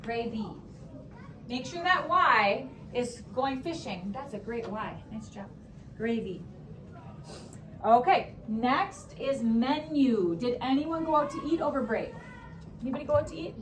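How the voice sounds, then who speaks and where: A young woman teaching a classroom spelling lesson, upbeat, stretching words and throwing in quick asides. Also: on the high side, lively intonation, slight background noise.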